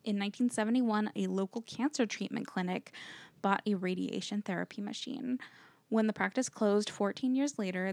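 A woman's voice: mid-range voice, no room sound. A woman podcast co-host reading out her researched notes to her co-hosts in an earnest way, dropping lots of "like" when she talks off the page. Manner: earnest, uses "like" when chatting.

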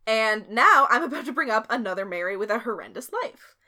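A woman's voice: on the high side, animated, a little fast, pushed and bright. A woman co-hosting a podcast, telling a history story in a casual, chatty way, laughing often. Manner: laughs often, swears, uses filler like.

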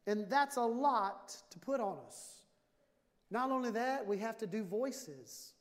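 A man in his fifties preaching a sermon with humor, animated and jokey, acting out little dialogues. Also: very high-pitched, slow. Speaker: pastor. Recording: long hall reverb.

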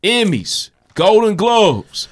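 A young man co-hosting a casual podcast chat. His voice sits a little high for a man and swings widely in pitch. He is animated, laughs a lot, and hops from one thought to the next. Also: slow. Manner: animated, laughs often, jumps between thoughts. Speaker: podcast co-host.

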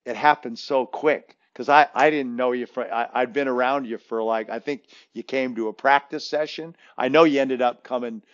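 A man's voice: medium pitch, steady tone, moderate pace, hardly any pauses, highs cut off. A man who coaches basketball, telling a long story in casual chat, rambling with many restarts and fillers.

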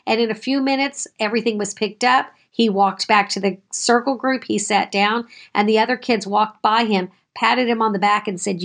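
A woman's voice: a little high, normal speed, few pauses. A woman who works as a school administrator, telling a story from her school in an interview. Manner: animated storyteller.

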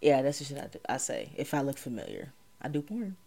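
A woman's voice: a bass voice, huge pitch swings, brisk, creaky. A young woman, hosting a podcast and telling a rambling story in casual chat. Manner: laid-back, rambling, bursts into loud laughter. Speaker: podcast host.

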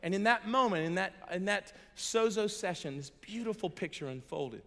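A middle-aged man preaches and tells his story with strong feeling, dropping to a hush and then rising to loud peaks. His voice sits slightly higher than most men's. It rings out with the long reverb of a large hall. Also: moderate pace. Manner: emotional storytelling, shifting from hushed to loud. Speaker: pastor. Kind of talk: sermon with personal testimony. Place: church hall.

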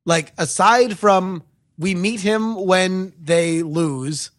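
Fairly high-voiced chatty man. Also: a bit bright. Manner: halting, lots of "like", acts out quotes. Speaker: podcast co-host. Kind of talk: casual movie review chat.

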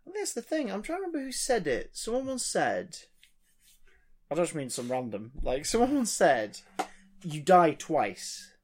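A man's voice: high voice, wildly swooping pitch, normal speed, darkish tone. A man co-hosting a casual podcast, rambling and restarting his sentences and swearing casually. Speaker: podcast co-host.

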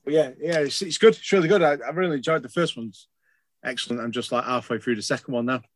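A man talking quickly and eagerly on a casual podcast, sentences tumbling over each other and peppered with swearing. His voice is recorded close and dry, with no room sound at all. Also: mid-range voice, dry recording. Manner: swearing, rambling, enthusiastic. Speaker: podcast co-host.

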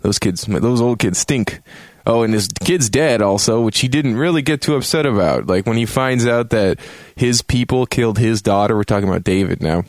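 A man's voice: medium pitch, fairly quick, no echo, clean studio sound. A man hosting a game review show, rambling and joking with plenty of swearing.

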